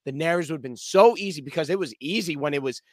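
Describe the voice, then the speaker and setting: A man co-hosting a sports podcast in casual chat, animated and boisterous, swearing and acting out plays with sound effects. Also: fairly high pitch, racing, no room sound. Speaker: podcast co-host.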